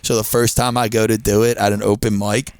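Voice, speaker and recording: A man with a Delaware County, Pennsylvania accent chats on a podcast, spinning rambling, profane stand-up stories and slipping into quoted voices. His voice sits on the low side. The sound is close and dry. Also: little pitch movement, fairly quick, a little mellow, smooth, no echo. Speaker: podcast co-host, stand-up comedian. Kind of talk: casual podcast chat.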